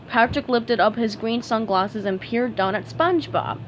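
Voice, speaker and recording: A woman narrating a storybook aloud at a slow, measured pace. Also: fairly high pitch, slight background noise, poor audio. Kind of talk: storybook reading.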